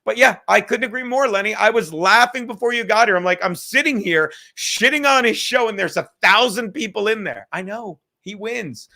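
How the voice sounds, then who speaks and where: A man hosting a live stream, rambling loudly and profanely from topic to topic in casual chat. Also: high-pitched, moderate pace, vocal fry, hardly any pauses. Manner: loud, rambling, profane, jumps between topics.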